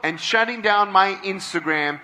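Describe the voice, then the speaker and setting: A middle-aged man giving a motivational speech to a large crowd at an outdoor event, leading call-and-response and often shouting. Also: high-pitched, moderate pace, slight background noise. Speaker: motivational speaker.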